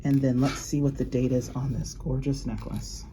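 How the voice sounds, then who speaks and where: With an extremely low pitch and fairly level intonation, this woman talks at a moderate pace as she displays her new jewelry. It's a rambling, casual show-and-tell from a luxury unboxing vlogger, full of laughter, with noise in the background.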